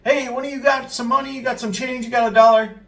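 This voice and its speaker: A rough, demanding man begging for a dollar in a strained, raised voice, as a storyteller puts him on. He sounds distant from the mic, in a roomy space. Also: very high-pitched, flat delivery, quick pace, pitched above the performer's own voice. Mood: pushy. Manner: loud, pushy, demanding. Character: aggressive intoxicated man begging for money.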